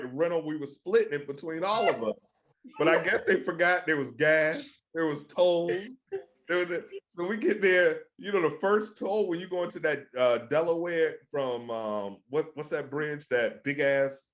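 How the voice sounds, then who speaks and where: A man's voice: a little high, fairly bright tone. A man with an American accent, a podcast co-host who tells stories in casual chat and laughs often as he talks. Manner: laughing while telling stories.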